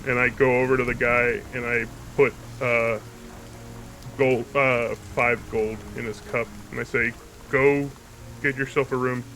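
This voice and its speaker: A man's voice: medium pitch, level tone, a little slow, sharp tone, soft background music, low-quality recording. A man playing a tabletop game in character, speaking bluntly and swearing often. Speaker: player. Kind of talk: in-character tabletop role-play.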